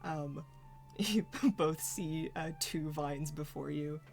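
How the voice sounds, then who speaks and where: A woman running a tabletop game, narrating slowly and loosely with lots of fillers. Her voice sits a little low, with faint music underneath. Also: creaky. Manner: relaxed, filler-heavy narration, laughs often. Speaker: game master.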